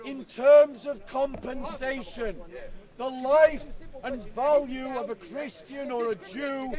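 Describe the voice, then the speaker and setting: A street preacher with a very high voice speaks slowly, declaiming an open-air debate speech to a crowd in a city park. Crowd chatter fills the background as he repeats himself over hecklers on the street corner.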